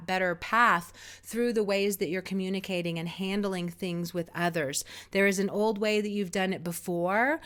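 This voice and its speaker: A woman's voice: mid-range voice, a bit bright. A woman giving casual spiritual advice in a reflective, meandering, conversational way. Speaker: spiritual guide.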